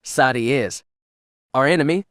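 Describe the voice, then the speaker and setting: A man's voice: mid-range voice, animated, normal speed, fairly bright tone, dry recording, clean studio sound, natural voice. A man voicing a steely Sith inquisitor woman. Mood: firm. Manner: firm, scornful. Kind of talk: audiobook character reading.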